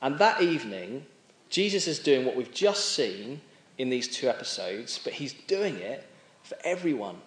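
A man's voice: medium pitch, big pitch swings. A man preaching a sermon in a conversational way, stopping and restarting as he explains a passage. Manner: conversational, with frequent restarts and pauses. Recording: echoey room.

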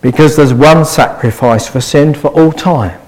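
A man's voice: fairly high pitch, unhurried, a little mellow, poor audio. A man preaching a sermon, earnest and pressing his listeners with eager rhetorical questions.

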